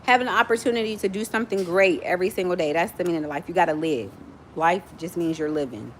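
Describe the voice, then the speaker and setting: Fast-talking chatty woman from Miami. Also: on the low side, slight background noise. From Miami, USA. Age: 40s. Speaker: livestream host, nonprofit founder. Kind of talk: casual livestream chat with viewers.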